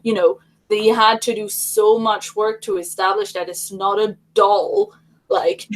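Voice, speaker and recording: A woman's voice: medium pitch, steady tone, unhurried, rough recording. A woman hosting a casual livestream chat, talking in a rambling way with many fillers and restarts. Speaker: livestream host.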